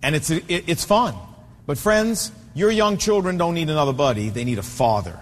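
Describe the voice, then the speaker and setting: Man in his fifties, pastor, high voice, emphatic repetitive preaching, long hall reverb. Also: lively intonation, moderate pace. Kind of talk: sermon.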